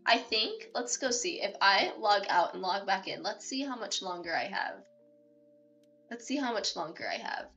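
A woman live streamer chatting casually with her viewers, excitable and gushing, often repeating herself. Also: medium pitch, normal speed, soft background music.

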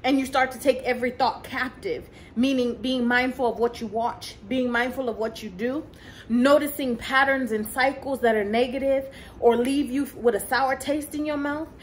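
A woman delivers a fervent, preachy motivational faith talk with a fairly high voice. She slows down to press her points home and mixes in casual asides and light laughs. A faint hiss sits under the recording. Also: poor audio. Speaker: Christian motivational coach.

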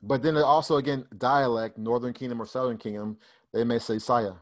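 A man's voice: medium pitch, steady tone, a little fast. A man teaching a group over a video call in a casual, conversational way, often restarting and repeating himself as he explains. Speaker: Bible Hebrew teacher. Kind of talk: casual online study session. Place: online fellowship call.

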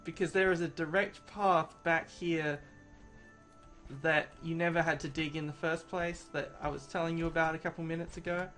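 A man's voice: fairly high pitch, flat delivery, normal speed, a bit bright, faint music behind. A young American man hosting a gaming video, chatting casually and teasing his guest. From United States. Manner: teasing and playful. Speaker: gaming channel host.

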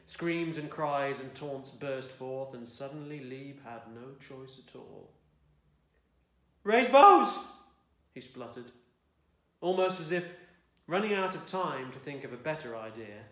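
Guy reading his own fantasy story out loud, wry dry delivery, mid-pitched, roomy echo around him. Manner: dry, wry storytelling, belting out the shouted lines of dialogue. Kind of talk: expressive audiobook-style reading. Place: home room.

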